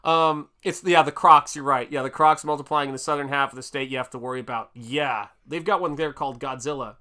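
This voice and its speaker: Reading viewer comments out loud with lots of exclamations, a middle-aged American man chats casually while painting on his art livestream. His sharp, mid-range voice moves a little fast, with fairly even intonation.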